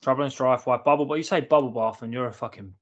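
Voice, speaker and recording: A man's voice: mid-range voice, fast. A man in casual podcast banter, blunt and sweary, often repeating himself. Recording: slightly dull lo-fi audio.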